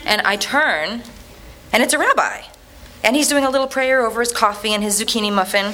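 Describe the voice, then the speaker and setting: A woman giving a dramatic reading of a personal letter in an animated, conversational storytelling manner. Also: a little high, fairly quick, a little hiss or hum.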